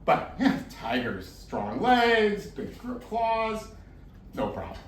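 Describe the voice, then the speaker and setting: A man telling a folk tale to an audience in a lively, expressive way, with slow, dramatic pauses. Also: high voice, slight background noise. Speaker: volunteer storyteller. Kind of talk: animated storytelling to an audience. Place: luncheon hall. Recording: roomy distant room mic, faint ambience.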